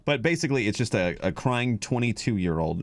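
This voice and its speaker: A man's voice: mid-range voice, animated, fairly quick. A man hosting a podcast in casual chat, rambling and hesitant, full of fillers, on a podcast microphone. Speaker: podcast host.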